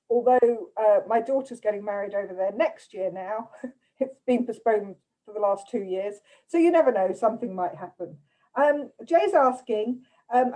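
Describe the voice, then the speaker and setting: Mellow-voiced woman hosting a Q&A. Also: mid-range voice, rough recording. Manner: warm, relaxed, reads out questions with fillers. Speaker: literary agent reading out audience questions. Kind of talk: casual chat.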